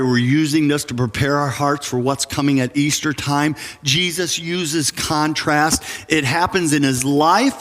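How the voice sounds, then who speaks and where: Male pastor, mid pitch, earnest emphatic sermon delivery, long church reverb. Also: fairly bright tone. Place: church sanctuary.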